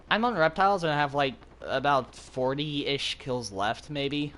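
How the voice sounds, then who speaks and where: A young man hosting a gaming channel, chatting casually with friends while he plays and bursting into excited yelps and laughs. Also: medium pitch. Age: young adult.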